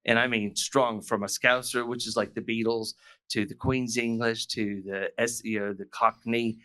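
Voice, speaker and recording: A South Florida man, joining a podcast by remote call from the UK, talks at normal speed in a medium-pitched, level voice that sounds pushed and bright. The chat is casual, and he rambles with frequent restarts.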